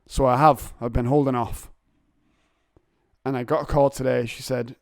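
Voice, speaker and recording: A man's voice: level tone, normal speed, long pauses, darkish tone, dry recording, studio quality. Man rambling through stories. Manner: jokey storytelling, acts out voices of others in high pitch. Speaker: podcast host. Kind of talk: rambling solo podcast chat.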